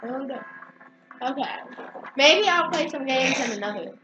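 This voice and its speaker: A woman hosting a casual gameplay video, excitable and giggly as she comments. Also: sits high, normal speed. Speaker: channel host. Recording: noisy background.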